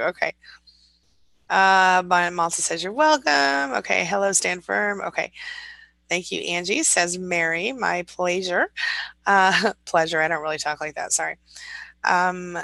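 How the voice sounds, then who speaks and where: Brief: woman in her forties, livestream host, bright and forceful, slightly low voice, dry close sound, upbeat and quick to laugh. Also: vocal fry, no room sound, rough recording. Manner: upbeat, laughs often, reads comments aloud. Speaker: livestream host reading viewer comments. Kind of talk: casual morning live chat.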